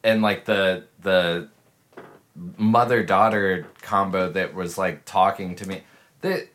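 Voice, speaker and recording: A man's voice: deep voice, fairly even intonation, slow, fairly bright tone. A young man co-hosting a casual podcast, rambling with lots of fillers and laughing. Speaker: podcast co-host. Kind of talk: casual chat.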